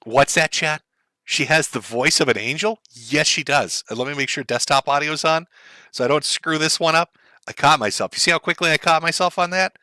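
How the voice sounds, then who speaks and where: A man's voice: a little high, fairly quick, sharp tone, no echo. A middle-aged man giving sarcastic, mocking commentary on a live stream for his chat.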